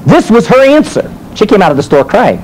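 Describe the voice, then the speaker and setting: Lively man teaching with rhetorical questions. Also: high-pitched, a little fast, a little hiss or hum, low-quality recording. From United States. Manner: animated storytelling with rhetorical questions. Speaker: teacher and minister. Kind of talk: teaching sermon.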